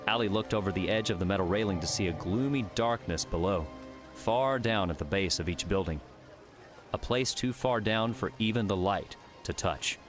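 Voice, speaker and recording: A man narrating an audiobook in a steady, even storytelling voice. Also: lowish voice. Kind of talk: scripted narration.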